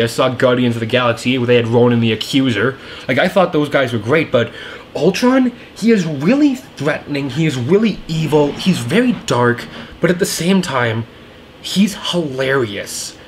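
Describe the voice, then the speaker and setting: A man's voice: mid-range voice, a little hiss or hum. A young man giving a casual, rambling film review, enthusiastic and full of fillers and restarts. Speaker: movie reviewer.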